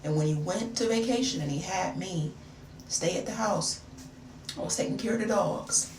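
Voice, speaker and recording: A woman telling a personal story in a casual storytime style, animated and slangy, calling the listener "baby" and "girl". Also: lowish voice, normal speed. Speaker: storyteller, video creator. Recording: roomy, distant mic, noisy background.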